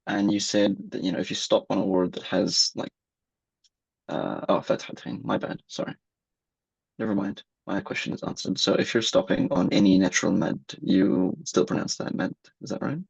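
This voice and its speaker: A man's voice: sits low, steady tone, moderate pace, vocal fry, breathy edge, no echo, lo-fi sound. A man, a student in an online class, asking casual, hesitant questions to check his understanding.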